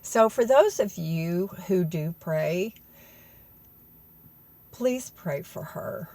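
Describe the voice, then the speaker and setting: Slow, low-voiced woman vlogger. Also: lively intonation, dark tone, no room sound. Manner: earnest, tearful, addresses viewers as y'all. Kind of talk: emotional storytelling to viewers.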